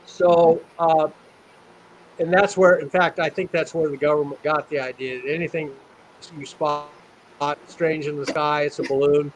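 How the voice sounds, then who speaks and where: A man's voice: on the high side, fairly even intonation, moderate pace, slight background noise, poor audio. Older man, folksy rambling storyteller. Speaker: guest scientist. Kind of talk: interview talk, telling a joke.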